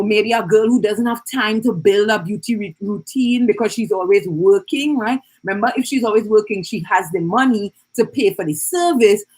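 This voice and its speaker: A woman's voice: medium pitch, darkish tone, breathy edge. A woman hosting a live stream. She teaches in a chatty way, greets viewers and keeps checking in with "right?". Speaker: business coach hosting an Instagram live.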